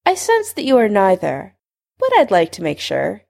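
A woman voicing an old male headmaster wizard who speaks in a measured, dry, quietly pressing way. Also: medium pitch, wildly swooping pitch, vocal fry. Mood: calm.

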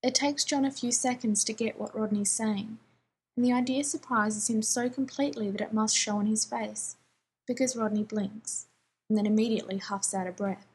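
A woman reading fan fiction aloud in a calm, even storytelling manner. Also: a little high, normal speed, breathy edge, poor audio. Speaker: audiobook reader.

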